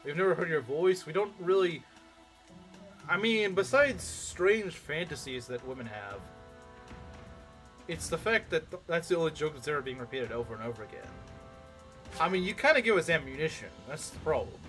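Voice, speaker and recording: A man's voice: fairly high pitch, expressive, normal speed, fairly bright tone, faint music behind. A man streaming a game, chatting casually and arguing as he answers chat comments.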